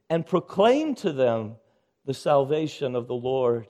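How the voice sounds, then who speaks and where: Pastor, male, high-pitched voice; preaching style, urgent, shifts between loud calls and quiet lines. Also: expressive, slow pace. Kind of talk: sermon.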